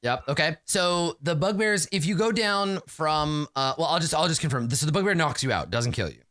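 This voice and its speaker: A man acting as game master for a tabletop game, his voice rising and falling a great deal as he narrates. He talks in halting bursts full of fillers and small chuckles. The sound is dry and close. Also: on the high side, animated, fairly bright tone, dry recording.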